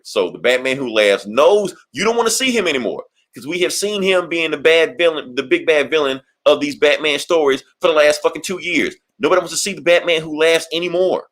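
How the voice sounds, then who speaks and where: A man's voice: a little high, expressive, brisk, hardly any pauses, a bit bright. Profane, rambling male podcast host. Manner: rambling, profane, laughs often. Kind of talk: casual comic review chat.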